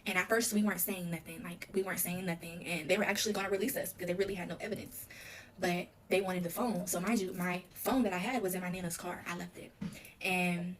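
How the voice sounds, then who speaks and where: A woman's voice: lowish voice, steady tone, crowd noise. A woman recounting her own past in a casual storytime confession, talking emotionally with lots of "like". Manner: rapid, emotional retelling full of "like".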